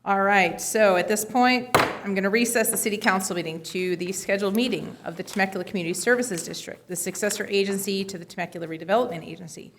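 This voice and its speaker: A woman's voice: mid-range voice, fast talker, hardly any pauses, noisy background. A woman mayor chairing a city council meeting in a casual, procedural way. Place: council chamber.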